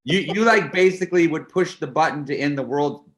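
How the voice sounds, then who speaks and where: A man who is a stunt performer, guesting on an interview, talking in a playful, teasing and animated way. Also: on the high side, fairly quick, echoey room. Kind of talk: casual interview chat.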